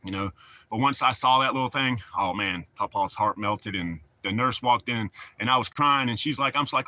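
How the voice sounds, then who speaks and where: A man's voice: mid-range voice, normal speed, bright, forceful tone. A middle-aged man, chatting casually and rambling to his livestream viewers. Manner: rambling, folksy, talks to the chat. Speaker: livestream host.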